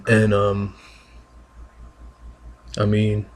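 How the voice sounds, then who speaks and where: A man's voice: fairly low pitch, completely flat delivery, extremely slow, a little hiss or hum. A man giving a heated, emphatic, profane monologue rant on his own channel, speaking into a single mic. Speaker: vlogger.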